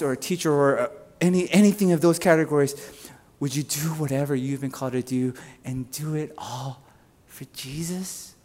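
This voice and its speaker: A male pastor preaching a sermon and repeating his key lines for emphasis. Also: a little high. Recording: long reverb of a church hall.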